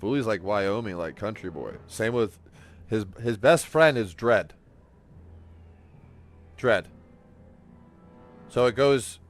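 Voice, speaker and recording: A young man hosting a casual gaming podcast, rambling with lots of "like" and swearing, acting out what others said. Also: lowish voice. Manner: rambling, profane, fillers like "like", acts out quotes. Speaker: podcast host. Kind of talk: casual chat.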